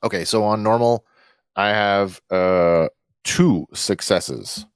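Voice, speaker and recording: A man playing a tabletop game, thinking out loud in a rambling, casual way. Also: on the low side, slow pace, clean tone, no echo, studio quality. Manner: rambling, full of fillers and restarts. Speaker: player.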